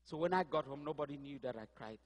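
A man from Cameroon preaching a sermon, telling his own story, with quiet asides and sudden loud outbursts. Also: on the high side, fast talker, in a large hall, highs cut off. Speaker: pastor. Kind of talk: sermon testimony.

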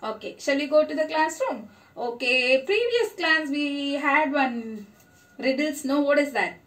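Woman, primary teacher; high, slow, encouraging delivery for young kids. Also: animated, fairly bright tone. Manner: slow, encouraging, praising answers. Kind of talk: online lesson for young children.

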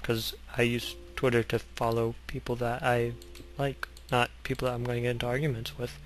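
A man's voice: mid-range voice, completely flat delivery, brisk, a little hiss or hum. A young man rambling through gameplay commentary, goofy and sarcastic, wandering off on joking tangents. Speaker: gaming channel host.

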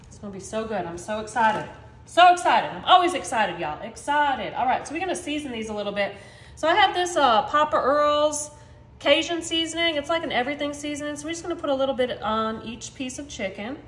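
A home cooking vlogger talks straight to the camera in an upbeat, casual cooking demonstration, her voice high-pitched, fast and a bit bright. The recording has the echo of her kitchen.

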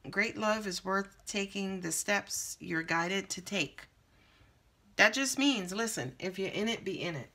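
A woman giving a live tarot reading in a blunt, profane, animated way, speaking. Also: medium pitch, a little slow. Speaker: tarot reader.

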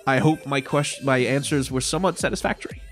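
A man's voice: medium pitch, fast talker, fairly bright tone, faint music behind. A man with a nasal, stuffed-up voice from swollen sinuses, rambling casually as he wraps up a solo viewer Q&A, correcting himself and swearing freely. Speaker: YouTuber answering viewer questions.

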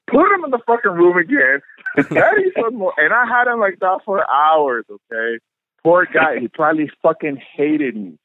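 Man, podcast guest, lively swooping storyteller, swears freely, tinny dry sound. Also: high-pitched, dry recording. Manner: animated, profane, laughs often. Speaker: actor guest. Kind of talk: casual interview storytelling.

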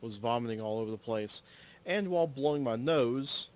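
Man, solo host, casual storytelling, mid-pitched, rambling, self-correcting, swears now and then. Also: lively intonation, moderate pace. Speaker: solo podcaster. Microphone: audio-only recording, no camera.

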